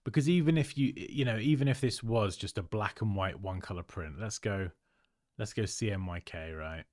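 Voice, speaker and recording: A man's voice: lowish voice, moderate pace, a little mellow, dry recording, studio quality. A man hosts a livestream, giving chatty, upbeat feedback on viewers' design work and laughing often. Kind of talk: casual livestream commentary.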